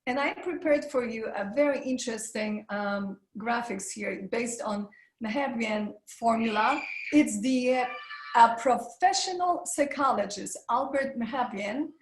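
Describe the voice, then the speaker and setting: Her fairly high voice moving a little slowly, a female voice coach presenting a live online webinar encourages listeners through breathing and vocal warm-ups. There's a noticeable echo, as though she's on a video call in a hard-walled room.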